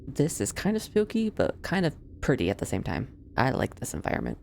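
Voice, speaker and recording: A woman with a strikingly deep, low voice chats through a game stream. Her commentary is playful and casual. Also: wildly swooping pitch, a little fast, gravelly, a little mellow, a little hiss or hum. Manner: chatty, playful, laughs often.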